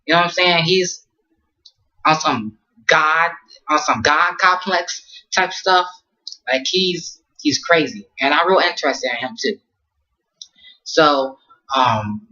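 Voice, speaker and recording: A man's voice: a little high, takes it slowly, pauses often, sharp tone, muffled recording. A man casually recapping an anime episode in slangy talk, rambling with lots of ums and restarts. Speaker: anime reviewer.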